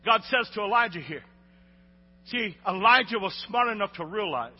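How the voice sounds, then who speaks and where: Man, very high voice, husky; pastor preaching with call-and-response; dull recording. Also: animated, normal speed. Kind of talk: sermon. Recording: lo-fi recording with long hall reverb.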